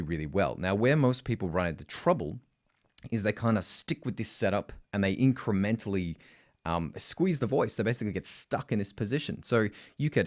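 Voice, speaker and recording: A man with an Australian accent, teaching singing in a loose, casual way, full of restarts and filler words. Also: fairly low pitch. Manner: explains in loose spoken asides, with many restarts and filler words. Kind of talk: casual vocal lesson.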